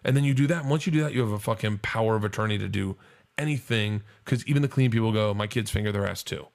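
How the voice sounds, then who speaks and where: A man's voice: fairly low pitch, fast, gravelly. A man in his forties trades stories in a loose podcast chat. He talks with a comic's drive, swears freely and bursts into other people's voices as he acts out scenes from his shows. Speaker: stand-up comedian guest. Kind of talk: casual podcast storytelling.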